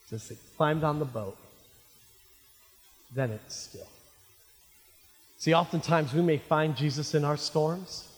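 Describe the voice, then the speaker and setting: Energetic preaching pastor in a reverberant hall. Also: male voice, mid-range voice. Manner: preaching with call-and-response questions, voice swinging from shouts to near hush. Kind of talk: sermon. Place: church sanctuary. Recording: long hall reverb of a church.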